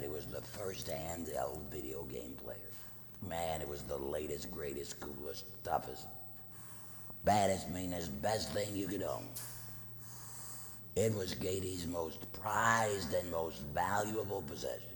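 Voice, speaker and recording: A middle-aged man preaching a sermon as pastor, telling a family story with acted quotes, swinging from loud to hushed. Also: very deep voice, measured pace. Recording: long reverb, faint noise.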